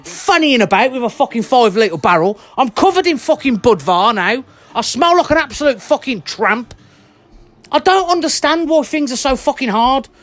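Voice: high-pitched, very animated, moderate pace, a bit bright. A vlogger delivering an angry monologue rant, blunt and heated, swearing constantly and sweating. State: worked up and sweating.

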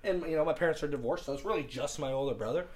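Guy in his 30s, kinda high voice, swears a lot, laughs mid-story, super animated. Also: rapid-fire. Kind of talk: casual chat.

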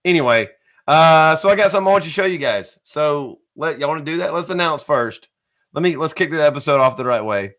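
A man, hosting a live online show in a chatty, rambling way with jokey shout-outs to viewers. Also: on the high side, expressive, fairly quick. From American South. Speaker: host.

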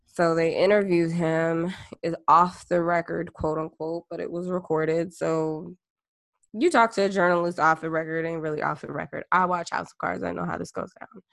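A woman co-hosting a casual podcast in a blunt, profane way that she often breaks with laughter. Her voice is low and gravelly. The sound is close and dry, with no room behind it. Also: fairly even intonation, moderate pace, dry recording. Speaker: podcast co-host. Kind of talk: casual chat.

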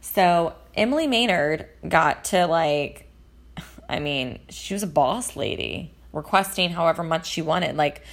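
Chatty woman with a low, creaky voice. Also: lively intonation, measured pace. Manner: chatty, gossipy, rambling with many fillers. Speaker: reality TV commentator. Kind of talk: casual chat.

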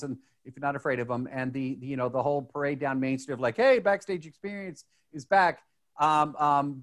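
A man, co-hosting a podcast in casual chat. He talks excitably and rambles, with many restarts. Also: on the high side. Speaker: podcast co-host.

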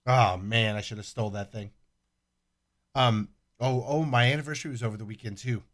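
A man's voice: medium pitch, a little fast, fairly bright tone. Profane storytelling man. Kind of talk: casual chat.

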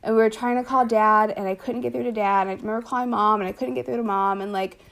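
A woman's voice: a little high, fairly even intonation, fast talker, gravelly, fairly bright tone. A young woman telling a personal story in casual conversation, chatty and full of fillers, laughing now and then. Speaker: older sister telling her story.

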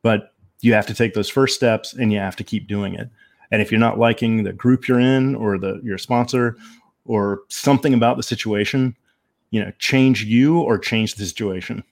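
A man talking as a podcast guest, telling his personal story in a candid, reflective, measured way with frequent pauses and ums. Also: lowish voice, steady tone, vocal fry.

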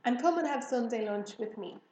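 A woman's voice: fairly high pitch, animated, fairly quick, mellow, echoey room, lightly acted, low-quality recording. A woman reading as a kindly, sensible village woman.

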